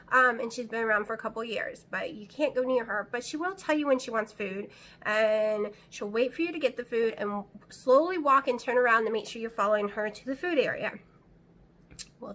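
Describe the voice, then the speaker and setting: A woman's voice: fairly high pitch, a bit bright. A middle-aged woman vlogging from home, talking in a rambling, anxious, chatty way. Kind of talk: casual chat to camera. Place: at home, indoors.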